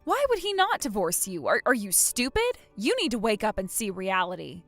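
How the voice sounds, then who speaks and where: A woman's voice: medium pitch, sing-song, normal speed, fairly bright tone, dry recording, faint music behind. A woman voicing a cold, furious young wife who scolds her sister-in-law without mercy. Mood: stern. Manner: stern, scolding, unforgiving.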